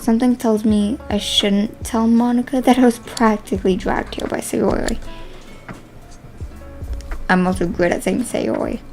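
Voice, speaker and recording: A woman's voice: mid-range voice, fairly even intonation, unhurried, darkish tone, soft background music. A young woman streamer reading a visual novel aloud at home, giggling, stumbling over words and adding chatty asides.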